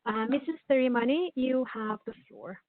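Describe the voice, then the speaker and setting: A woman hosts an online panel, inviting speakers politely with many small hesitations. Her voice sits fairly high. The audio is dry and narrow, like a phone call. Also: moderate pace, no room sound. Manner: polite, with frequent fillers and restarts. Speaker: webinar moderator.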